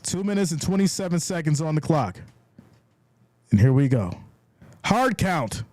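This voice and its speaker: A man's voice: on the high side, very animated, normal speed, no room sound. Hyped man calling plays on a live stream. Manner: hyped, shouting and cheering on big plays; reads viewer chat aloud. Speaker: live stream game reaction host. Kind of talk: live play-by-play reaction stream.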